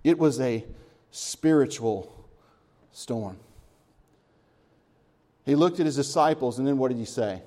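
A man preaching a sermon, swinging between lively emphasis and hushed, quiet moments, with chuckles between points. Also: medium pitch, measured pace, long pauses. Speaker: pastor.

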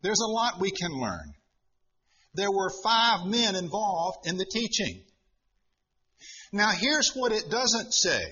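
A man teaching through a Bible passage in a sermon, deliberate and emphatic, repeating his key points. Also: sits high, very animated, bright, forceful tone, breathy edge. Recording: dull lo-fi recording.

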